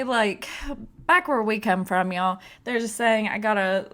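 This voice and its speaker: A woman's voice: mid-range voice, unhurried, a bit bright. Chatty woman hosting a podcast. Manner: chatty, laughs easily, playful. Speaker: podcast host. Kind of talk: casual podcast chat.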